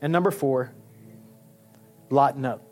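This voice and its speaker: A male pastor preaching a sermon in a conversational, animated way, with emphatic peaks. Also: mid-range voice, unhurried, soft background music.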